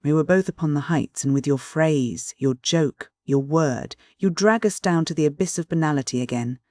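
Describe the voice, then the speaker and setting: A man voicing a proud, impetuous young lady who is quick to anger, speaking in a raised pitch. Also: warm tone, no room sound, clean studio sound, close to an everyday voice. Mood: angry.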